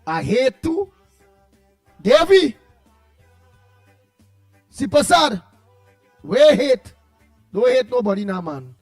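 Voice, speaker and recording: A Trinidadian man hosting a casual morning radio show, rambling and calling out listeners' names in greeting. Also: very high voice. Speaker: radio host.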